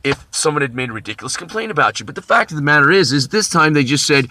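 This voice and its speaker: Middle-aged man, bright tense voice, bitter swearing rant, stammering restarts, dry close sound. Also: fairly high pitch, expressive, fast talker, few pauses, dry recording. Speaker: vlogger. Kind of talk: ranting personal monologue.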